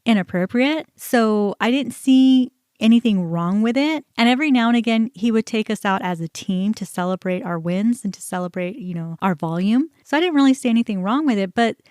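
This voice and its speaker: A woman's voice: a little high, fairly quick, few pauses, smooth, no room sound, clean studio sound. A woman hosting a podcast, telling a personal story in a candid, conversational way. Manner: candid, conversational, animated when recounting. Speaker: podcast host.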